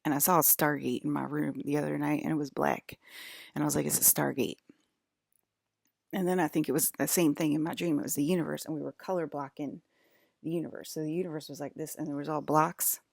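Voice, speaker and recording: A low-pitched woman with a gravelly, creaky voice talks straight to her audience. She drifts from one thought to the next, stopping and restarting sentences. The sound is dry and close. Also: steady tone, fast, no room sound. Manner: rambling, restarts, drifts between topics. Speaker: broadcaster. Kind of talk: rambling monologue to viewers.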